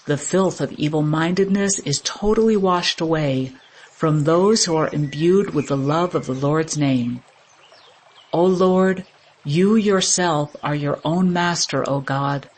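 A reader giving a measured, solemn recitation of devotional scripture. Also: medium pitch, slight background noise.

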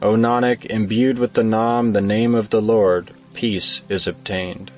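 Solemn low-voiced man reading scripture. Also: little pitch movement, darkish tone, faint music behind, low-quality recording. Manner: measured, solemn recitation. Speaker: scripture reader.

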